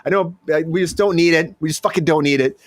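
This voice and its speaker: A man hosting a casual comedy news panel. He steers the talk with profane, quick asides. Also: a little high, no echo. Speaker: host.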